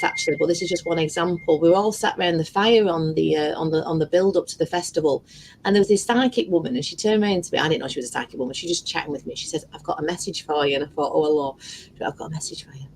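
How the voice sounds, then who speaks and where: A woman's voice: lowish voice, fast, poor audio. A woman telling a story in casual, rambling chat on a video call, full of fillers and swearing. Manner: rambling, animated, swears freely, many fillers. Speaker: guest. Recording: faint background noise.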